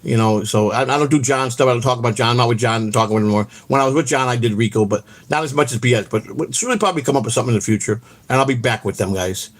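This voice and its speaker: A man hosting a livestream, rambling through stories in a profane, excitable way. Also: mid-range voice, racing, hardly any pauses. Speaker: host. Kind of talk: casual rambling livestream chat.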